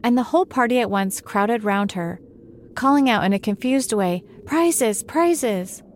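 A woman's voice: medium pitch, moderate pace, slight background noise. Woman reading a classic storybook aloud. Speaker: narrator.

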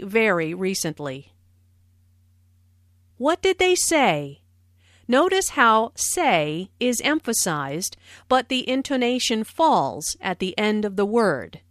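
A woman reading a scripted English lesson, explaining phrases slowly and clearly. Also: mid-range voice, no room sound, studio quality. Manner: slow, clear, carefully enunciated. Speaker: English teacher. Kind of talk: scripted language lesson with dialogues.

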